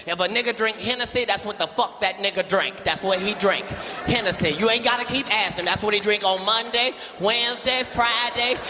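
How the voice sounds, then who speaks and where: A man doing a loud, animated, profane stand-up routine, breaking into shouted impressions of other people. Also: high voice. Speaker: stand-up comedian. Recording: live show with crowd and music.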